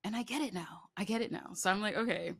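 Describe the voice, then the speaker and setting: A woman's voice: medium pitch, fast talker, vocal fry, breathy edge, dry recording, clean studio sound. An American woman chatting casually as a podcast guest, telling stories with many fillers and bursts of laughter. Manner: animated storytelling, many likes and fillers. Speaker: guest, horror manga artist.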